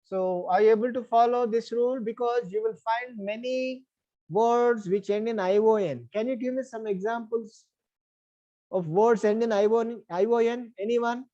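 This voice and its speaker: A man's voice: extremely high pitch, steady tone, moderate pace, warm tone, highs cut off. Indian man teaching an online English class. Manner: explains rules step by step, repeats himself, checks understanding. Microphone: online class call.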